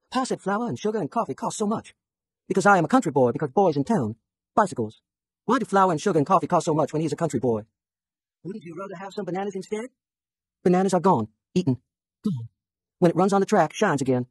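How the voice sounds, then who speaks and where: A woman's voice: fairly low pitch, darkish tone, breathy edge, no room sound, poor audio. A woman reading literary fiction aloud as an audiobook narrator, narrating in first person and giving the dialogue in a rural dialect. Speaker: audiobook reader.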